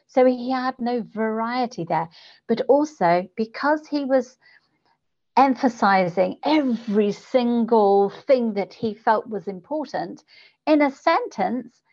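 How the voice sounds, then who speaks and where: A woman who coaches public speakers, talking in an interview and changing her pitch and volume to demonstrate delivery. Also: a little mellow. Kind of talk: conversational interview. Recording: dull lo-fi podcast audio.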